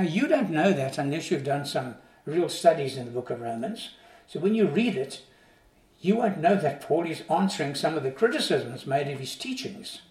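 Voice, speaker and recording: A man with a fairly high voice preaches in an earnest, emphatic way and keeps putting questions to his listeners. He sounds set back from the microphone in an echoing room. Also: darkish tone. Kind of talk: sermon. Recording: roomy sound, voice from a distance.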